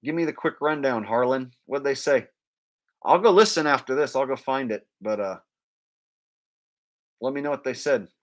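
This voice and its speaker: A man's voice: medium pitch, normal speed, pauses often. A man ranting bluntly during a live stream, full of fillers and scornful asides.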